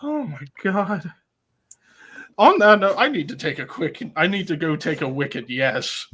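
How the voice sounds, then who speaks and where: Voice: mid-range voice, animated, a little slow, a bit bright, husky. A stream host in casual chat, giddy and laughing a lot.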